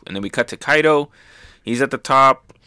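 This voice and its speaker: A man hosting a manga review show, recapping chapters in a loose, excitable way, swearing freely and filling gaps with "um" and "like". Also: mid-range voice, moderate pace, smooth, no echo, studio quality.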